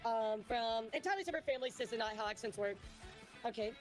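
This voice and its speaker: A woman's voice: on the high side, expressive, fast, soft background music. A woman who is a native Russian speaker, a VTuber chatting on a livestream and answering her viewers' messages as she goes. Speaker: VTuber streamer.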